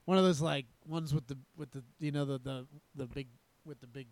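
A man's voice: a little high, fairly even intonation, brisk, darkish tone, no room sound. A young man co-hosting a casual movie podcast, rambling as he searches for words and laughing along. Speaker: podcast co-host. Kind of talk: casual movie review chat.

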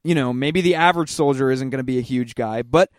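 A man co-hosting a podcast in casual chat, jumping in with quick, animated asides and speculation. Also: mid-range voice, no echo, studio quality. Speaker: podcast co-host.

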